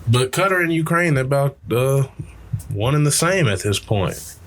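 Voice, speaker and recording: A man's voice: mid-range voice, lively intonation, normal speed, fairly bright tone, slight background noise. A young man co-hosting a podcast, chatting casually, crude and joking with frequent laughter. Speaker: podcast co-host. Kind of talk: casual chat.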